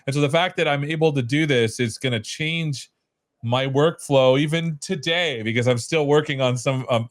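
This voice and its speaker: A man hosting a tech show, enthusiastic and full of praise, often restarting his sentences in casual chat. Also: mid-range voice. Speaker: show host.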